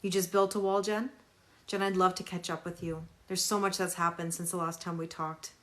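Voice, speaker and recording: A woman's voice: on the low side, little pitch movement, brisk, a bit bright. A woman tarot reader on a live stream, talking emphatically, repeating phrases for stress and greeting viewers by name.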